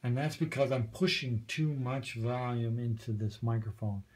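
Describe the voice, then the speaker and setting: A man walks volunteers through the soundboard in a community radio studio, patiently checking they understand as he goes. His medium-pitched voice has a darkish tone and moves at a normal speed.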